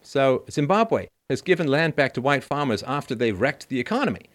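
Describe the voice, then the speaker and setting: A middle-aged podcast host with a medium-pitched, sing-song voice briskly reads news stories aloud, interrupting with sarcastic, jokey asides and laughter.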